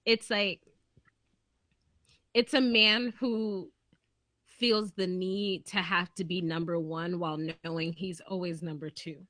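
A woman's voice: on the low side, steady tone, takes it slowly, long pauses, a bit bright, no echo. A woman co-hosting a casual TV recap chat, talking in a rambling, chatty way. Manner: chatty, laughs often, rambling. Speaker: podcast co-host. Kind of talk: casual chat about a TV series.

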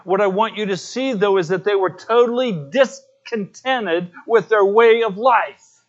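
A man's voice: high-pitched, measured pace, lo-fi sound. A man preaching a sermon as pastor, telling personal stories in an earnest way.

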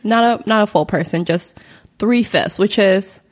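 A woman's voice: mid-range voice, measured pace. A woman co-hosting a podcast, explaining history in a rambling casual chat with many fillers and frequent laughter. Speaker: podcast co-host.

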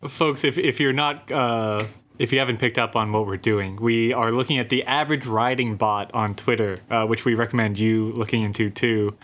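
A man's voice: medium pitch, fairly even intonation, moderate pace, a bit bright. Playful self-mocking Canadian man. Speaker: co-host. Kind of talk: casual podcast chat.

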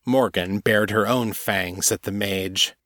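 A man narrating a fantasy story in a measured, deliberate way. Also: fairly low pitch, fairly even intonation, a bit bright, no room sound, clean studio sound. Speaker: audiobook narrator. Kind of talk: scripted fiction narration.

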